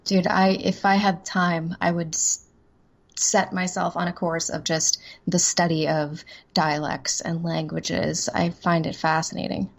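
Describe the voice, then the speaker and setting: A woman's voice: lowish voice, level tone, measured pace, vocal fry. A woman voice-over actress chatting as an interview guest, rambling and self-deprecating, laughing easily. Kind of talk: casual interview chat.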